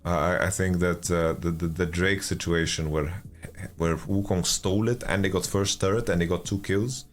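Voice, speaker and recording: Man, very deep voice, sleepy stream commentary, faint music underneath. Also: normal speed. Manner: relaxed, stammering restarts, reads chat. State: sleepy, yawning. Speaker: esports caster and analyst.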